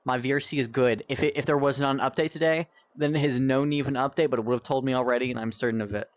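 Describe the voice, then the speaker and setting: A man's voice: mid-range voice, fairly even intonation, quick pace, dry recording. Exasperated young male streamer, dry sound. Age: young adult. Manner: exasperated, rambling, swears a lot, talks to chat. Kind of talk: live-stream chat while gaming.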